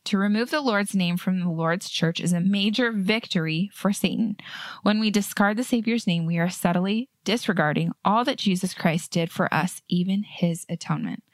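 A woman's voice: medium pitch, normal speed, no room sound. A woman hosting a faith podcast, talking in an earnest, chatty way with light laughs. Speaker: podcast host. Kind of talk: casual faith podcast chat.

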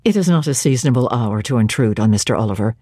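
A woman's voice: lively intonation, fast, dark tone, husky, no echo, clean studio sound, full character voice. A woman voicing an austere young clergyman who answers in short, restrained replies. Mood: grave. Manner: low, hollow, clipped and restrained.

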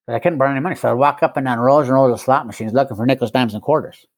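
A middle-aged man in recovery, appearing as a guest speaker, tells his own story in a casual way. His medium-pitched voice moves at a rapid-fire clip on a dry recording, and his humor is wry and self-mocking, punctuated by frequent chuckles.

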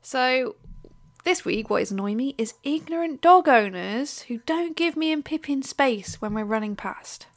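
A woman's voice: sits high, animated, unhurried. A woman co-hosting a podcast in casual chat, ranting animatedly, swearing freely and laughing often. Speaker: podcast co-host.

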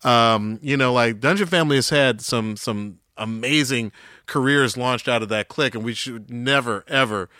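A man's voice: mid-range voice, moderate pace, sharp tone, no echo, clean studio sound. A man from Atlanta co-hosting a podcast, musing enthusiastically through a casual music breakdown. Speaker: podcast co-host. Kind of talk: casual music-discussion chat.

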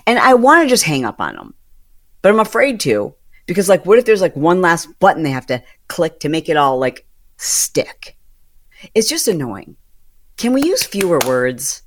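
A woman hosting a casual solo podcast, venting in an exasperated, fast-running storytelling manner. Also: lowish voice, very animated. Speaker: podcast host.

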